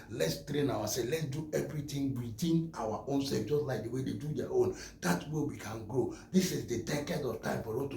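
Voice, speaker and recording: A man's voice: medium pitch, gravelly, dark tone, echoey room, slight background noise. A Nigerian man giving impassioned commentary, emphatic and repeating his phrases for force.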